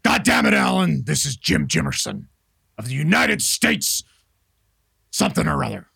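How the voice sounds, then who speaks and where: Man playing a raspy, gravelly hothead official, barking and profane, with a jumpy pitch. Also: wildly swooping pitch, moderate pace, pushed and bright, full character voice. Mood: bullying. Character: gruff, hotheaded male American official.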